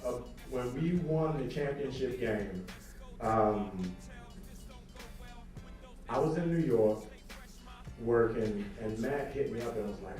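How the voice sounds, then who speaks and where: A man from New Orleans with a New Orleans accent, telling a story as an interview guest in a lively, animated way. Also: slow pace, pauses often, recorded from a distance. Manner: lively, swings high when quoting others. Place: film festival event. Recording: echoey, off-mic, music behind.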